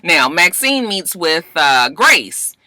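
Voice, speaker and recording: A woman's voice: fairly low pitch, very animated, takes it slowly, pushed and bright, dry recording. A woman recapping a TV episode in a casual vlog, sassy and joking as she comments. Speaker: TV recap vlogger.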